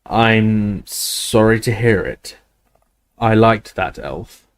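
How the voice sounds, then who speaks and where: A surly old barman roars his contempt, as a man puts him on. The voice sits low and drags slowly, gruff and scornful, in a storybook reading. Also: lively intonation. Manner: bellowing, scornful, defiant.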